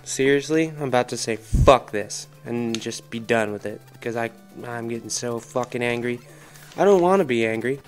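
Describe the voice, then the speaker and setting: A man's voice: mid-range voice, steady tone, normal speed, few pauses, soft background music. Ranting, cursing man playing a game. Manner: frustrated, heavy swearing, ranting. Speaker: gaming commentator. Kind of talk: angry let's-play commentary.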